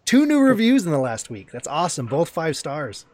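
A man's voice: on the high side, wildly swooping pitch, normal speed, darkish tone. A man hosting a podcast in a casual chat, joking and teasing, trailing off and restarting. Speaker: podcast host.

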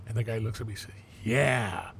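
A man's voice: lowish voice, brisk, gravelly, a little hiss or hum. An older man, a former police detective, telling blunt, profane stories in a casual interview and acting out the dialogue.

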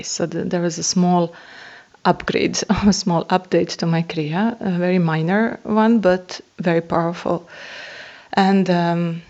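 Low-voiced woman telling an awed story. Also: fairly even intonation, measured pace, darkish tone. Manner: earnest, awed, with laughs and hesitations. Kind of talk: personal spiritual story. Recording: dull lo-fi sound.

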